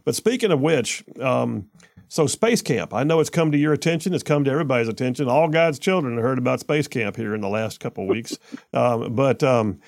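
A man hosting a radio talk show, chatty and quick, with lots of stumbling restarts. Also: mid-range voice, lively intonation, vocal fry, darkish tone, no echo, clean studio sound. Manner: chatty, stumbling restarts, rushes when he gets going.

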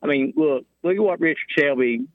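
Halting man calling in by phone. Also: on the high side, no room sound, phone-quality sound. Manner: halting, filler-heavy. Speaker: caller.

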